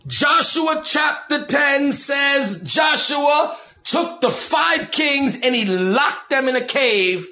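High-voiced man preaching with bright force. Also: slow pace, reverberant, faint music behind. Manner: animated, slangy, quotes himself. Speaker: pastor. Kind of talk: preaching on deliverance.

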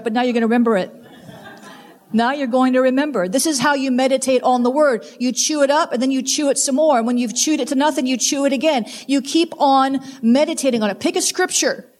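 Female preacher, higher-pitched voice, emphatic and repetitive sermon delivery.

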